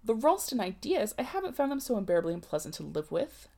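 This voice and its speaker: A woman's voice: fairly high pitch, sing-song, quick pace, dark tone. A woman reading a novel aloud, voicing a proper young married woman who coaxes and frets over her cousin. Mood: coaxing. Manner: fussy, coaxing, shocked.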